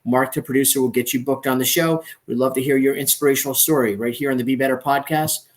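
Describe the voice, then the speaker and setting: A man's voice: medium pitch, steady tone, quick pace. A man hosting a podcast over a recorded online call, an earnest and encouraging life coach who reassures listeners.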